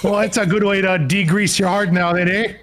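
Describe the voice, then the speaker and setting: A man voicing a cheerful, beer-loving male janitor in an exaggerated Wisconsin accent, chatty and rambling with drawn-out vowels. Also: high-pitched, steady tone, a bit bright, pitched above the performer's own voice. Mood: cheerful folksy.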